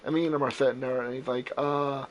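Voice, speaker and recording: A man's voice: mid-range voice, steady tone, fast talker, lo-fi sound, a little hiss or hum. A man in his twenties hosting a gaming stream, telling long rambling stories with lots of swearing and self-corrections. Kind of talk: casual storytelling chat.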